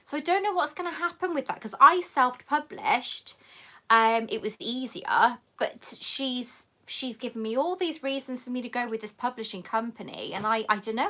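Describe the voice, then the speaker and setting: With a pushed, bright voice on the high side and a moderate pace, a British woman chats casually with viewers during a live Q&A stream from home. She affectionately calls them "love" and "sweetheart," and she's recorded via a camera mic on a monopod.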